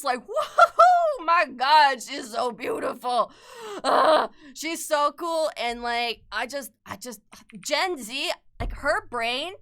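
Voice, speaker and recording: A young woman streaming herself as she draws, chatting casually in a bright, crisp, slightly high voice. She gushes with excitement, swears freely and laughs a lot. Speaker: artist livestreamer. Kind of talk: casual chat while drawing.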